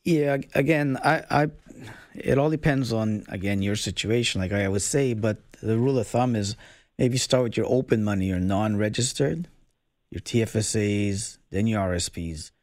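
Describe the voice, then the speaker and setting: A man's voice: fairly low pitch, normal speed, darkish tone, no room sound, clean studio sound. A middle-aged man giving financial advice on call-in radio, casual and hedging, often ending with "right?". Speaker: financial advisor guest. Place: radio studio.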